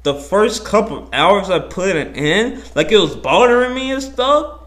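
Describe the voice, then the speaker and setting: A young man hosting his own podcast, talking in a rambling, profane, animated way, full of slang and self-interruptions. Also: high voice, normal speed. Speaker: podcast host. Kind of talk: casual solo podcast monologue.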